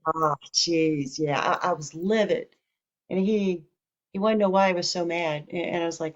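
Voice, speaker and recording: A woman with a lower voice tells her own story over a dull, lo-fi recording. She talks casually and frankly. She acts out the people in the story as she goes. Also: moderate pace. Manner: candid, animated retelling with quoted dialogue. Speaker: podcast host telling her story. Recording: dull lo-fi audio.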